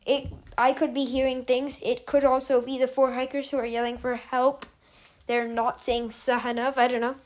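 Young woman with a high voice, casual podcast storytelling, calm and chatty with lots of fillers. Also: moderate pace. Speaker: podcast host.

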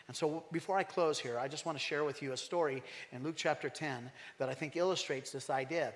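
A man delivers an animated sermon, pressing his points and drawing the congregation in with questions. His voice sits a little high. It rings out with a long reverb through a church hall. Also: fairly quick. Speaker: pastor.

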